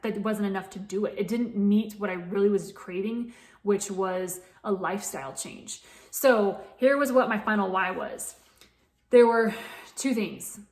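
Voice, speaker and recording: A woman in her late thirties, a fitness coach, telling her own story in a candid, chatty way. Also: medium pitch. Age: 30s. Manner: candid and chatty, many restarts. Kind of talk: personal story told to camera. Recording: echoey room.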